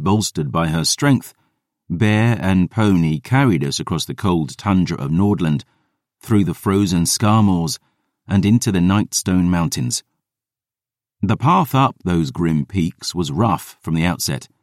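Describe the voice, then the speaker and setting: A man narrating a fantasy audiobook in a measured, dramatic reading. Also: low-pitched, darkish tone, no room sound, studio quality.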